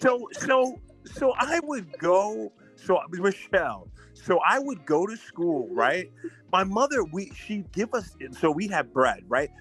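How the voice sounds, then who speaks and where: Lively, profane man hosting a chat. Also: sits high, takes it slowly, slightly rough, soft background music. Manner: animated, profane, laughing often. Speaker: podcast host. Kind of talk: casual storytelling chat.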